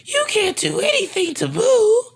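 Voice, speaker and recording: A high, scratchy monster villain who cackles and brags about himself in broken baby-talk, with the pitch jumping wildly, as a man puts him on in a fan story. He sounds playful and cruel at once, like a child who loves breaking things. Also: big pitch swings, measured pace, gravelly, heavily acted. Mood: gleeful menace. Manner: broken third-person speech, cackling.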